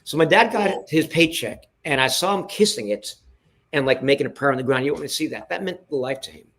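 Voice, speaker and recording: A middle-aged man telling backstage stories in a casual interview, animated and acting out what others said, swearing when heated. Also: fairly high pitch, fast. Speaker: podcast guest.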